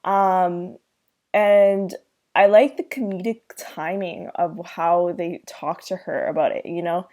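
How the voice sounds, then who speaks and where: A woman's voice: fairly low pitch, fairly even intonation, slow pace, a little mellow. A woman hosting a podcast, recapping a sitcom episode in a chatty way with many fillers and laughs. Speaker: podcast host.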